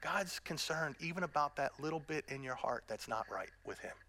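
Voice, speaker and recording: A man's voice: a little high, expressive, normal speed, sharp tone. A middle-aged man preaching a sermon as pastor, earnest and direct with the congregation, mixing in self-deprecating humor.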